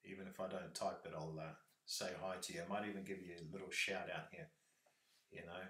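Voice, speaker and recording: A man's voice: sits low, flat delivery, a little fast, fairly bright tone, echoey room. A man with a New Zealand accent chatting casually on a livestream, rambling with lots of fillers.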